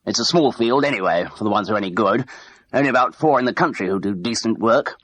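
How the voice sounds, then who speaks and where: A man's voice: on the low side, animated, fast talker, fairly bright tone, pitched above the performer's own voice. A man voicing a bluff middle-aged ex-crook posing as a major, chatty and hesitant, full of ums and uhs. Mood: confiding.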